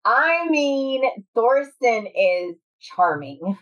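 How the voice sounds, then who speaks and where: A woman with a fairly high voice chats casually as a podcast host, telling lively stories and breaking into laughter. She acts out what others said as she goes. The sound is dull and lo-fi. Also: extremely slow. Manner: animated storyteller, laughs often, acts out quotes. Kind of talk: casual chat.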